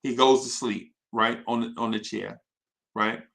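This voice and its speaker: Bright-voiced man telling a story. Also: mid-range voice, measured pace, gravelly. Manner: energetic, restarts a lot, checks in with "right?". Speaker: host. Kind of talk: animated anecdote telling on a live show.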